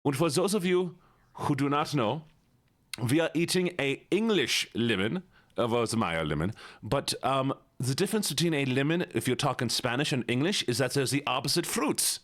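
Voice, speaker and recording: A man's voice: medium pitch, lively intonation, normal speed. A man streaming live, casually chatting and playfully greeting his viewers one by one. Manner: chatty and joking. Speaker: livestreamer. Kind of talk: casual livestream chat.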